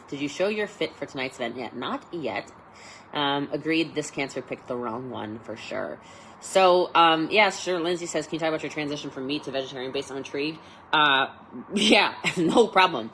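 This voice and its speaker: A woman's voice: low-pitched, a bit bright, slight background noise, rough recording. A woman coaching network marketing in a casual livestream, chatty and rambling with many fillers.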